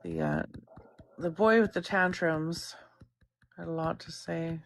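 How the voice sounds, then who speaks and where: A woman's voice: sits low, huge pitch swings, takes it slowly, a little hiss or hum. A woman gossiping casually on a livestream, rambling, swearing freely and laughing often. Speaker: guest chatting on stream.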